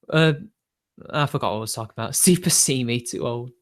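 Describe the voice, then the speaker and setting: On a casual livestream, a streamer rambles through viewer questions, laughing often between blunt, opinionated remarks. His voice is a little higher than most men's and a bit bright, with lively intonation, a moderate pace, and long pauses.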